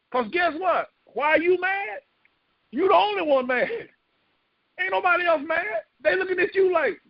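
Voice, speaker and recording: A man's voice: extremely high pitch, animated, unhurried, dry recording, muffled recording. A man preaching a sermon as pastor, talking in an emphatic, conversational way that repeats phrases for stress.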